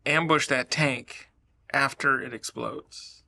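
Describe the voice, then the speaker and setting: A man's voice: mid-range voice, steady tone, slow pace, creaky, bright, forceful tone. A man playing a tabletop game, hesitant and stammering at times. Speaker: player. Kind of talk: casual tabletop play.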